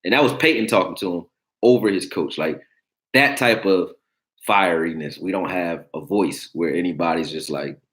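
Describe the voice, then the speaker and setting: Deep-voiced blunt sports talk host. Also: male voice, normal speed, a bit bright. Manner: blunt, profane, joking, reacting to chat. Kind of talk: casual sports talk livestream.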